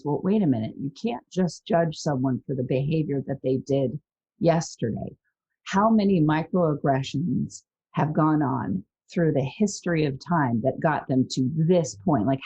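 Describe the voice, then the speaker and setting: Podcast host lady, low dark voice, earnest, gets animated, muffled lo-fi sound. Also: breathy edge. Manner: earnest, animated, acts out quoted people. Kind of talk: casual interview chat. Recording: dull lo-fi sound.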